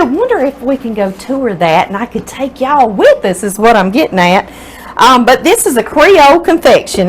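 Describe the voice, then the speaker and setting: Talking straight to her audience, a chatty middle-aged woman from Louisiana rambles through a relaxed cooking demonstration in her home kitchen, her Southern accent clear. Her voice runs on the high side, and the recording is low quality.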